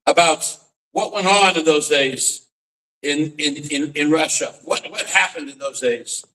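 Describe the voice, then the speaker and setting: A man gives a dramatic storytelling lecture, his voice high and bright as he circles back over his own words. He is picked up from a distance, so his voice carries a faint sense of the room. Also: unhurried. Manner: dramatic storytelling with repeated restarts and Yiddish phrases. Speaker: rabbi and author.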